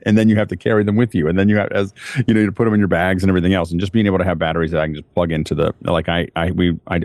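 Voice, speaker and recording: Deep guy rambling about camera batteries, lots of restarts, dry sound. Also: darkish tone, no room sound. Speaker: podcast panelist. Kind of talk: casual tech chat.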